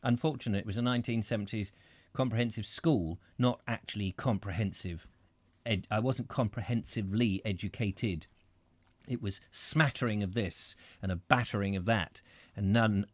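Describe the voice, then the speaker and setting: A man's voice: on the low side, moderate pace, no room sound. A middle-aged Englishman hosting a live reading, breaking off into rambling, self-interrupting chat about the text and viewers' comments. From Britain. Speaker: reader and host.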